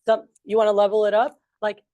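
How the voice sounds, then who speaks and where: A woman's voice: medium pitch, monotone, a little fast, mellow, no room sound. Chatty woman training a sales group. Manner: chatty, upbeat, addresses the group as "you guys". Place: meeting room with a large group.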